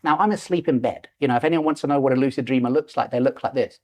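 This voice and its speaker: Talking very fast in a mid-range voice, the forties-aged lucid dreaming teacher shares a personal story as a podcast guest, animated and voicing the characters himself.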